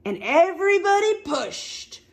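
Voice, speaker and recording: A woman reading a picture book aloud to young children at storytime, animated, asking them questions and making the animal sounds. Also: very high voice, a little slow, creaky. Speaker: storytime reader.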